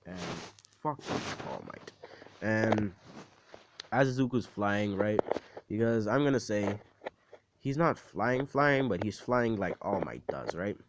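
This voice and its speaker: A man's voice: lowish voice, animated, takes it slowly, noisy background. A young man casually retelling a fan-made story, rambling and profane with lots of filler words.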